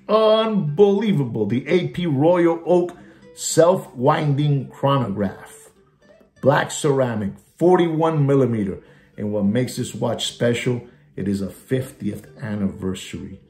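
A gravelly-voiced man delivers a theatrical, mocking watch market update, hammering the same catchphrases and slipping into Spanish asides. His pitch swoops widely as he rants. The room is echoey, with faint guitar music behind him. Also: darkish tone.

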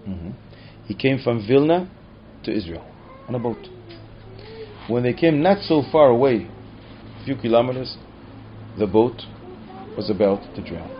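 A man's voice: medium pitch, big pitch swings, unhurried, long pauses, slight background noise. A man teaching as a rabbi, telling a story dramatically with repeated phrases. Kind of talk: storytelling lesson. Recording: dull muffled recording.

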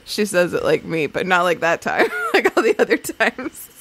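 A woman's voice: fairly low pitch, wildly swooping pitch, normal speed, fairly bright tone, breathy edge. A woman co-hosting a podcast in casual chat, wry and laughing. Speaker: podcast co-host.

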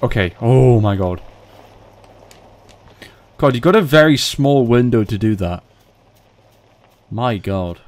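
A man's voice: medium pitch, animated, takes it slowly, pauses often, darkish tone. A man giving casual let's play commentary into a desk mic on a stand, with swearing, panicky outbursts and self-mocking jokes. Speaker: gaming video host.

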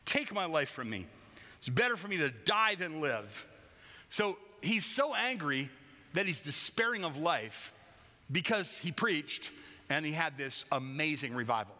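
A man preaching a sermon as a pastor, lively and joking, acting out voices as he tells the story. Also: fairly high pitch, unhurried, long reverb tail. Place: large church hall.

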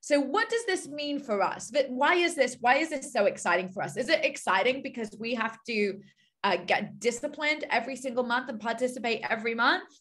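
A woman's voice: fairly high pitch, fairly quick, a bit bright. A woman hosting a team video call, coaching listeners in an upbeat way and repeating her key points. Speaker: call host.

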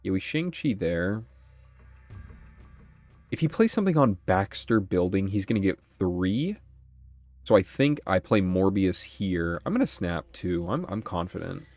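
A young man giving excitable gameplay commentary, thinking aloud about his moves and swearing often. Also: sits low, a little slow, no room sound, soft background music. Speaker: gaming channel host.

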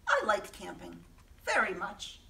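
A woman voicing a kind young male monster who keeps apologizing, speaking softly in a storybook reading. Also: medium pitch, huge pitch swings, a little slow, creaky, heavily acted. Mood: cheerful. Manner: apologetic, soft-spoken. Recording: echoey room, voice from a distance.

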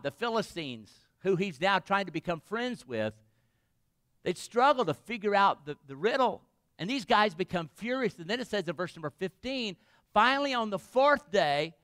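A man's voice: fairly high pitch, pushed and bright, no echo, clean studio sound. A man pastor preaching a sermon, retelling a story dramatically and asking the congregation questions.

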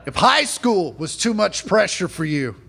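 A man doing a live stand-up set in a comedy club, mocking and profane, shouting his punchlines. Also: high-pitched, very animated, unhurried, creaky, slightly rough. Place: comedy club stage before a laughing audience. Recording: live club recording, audience noise.

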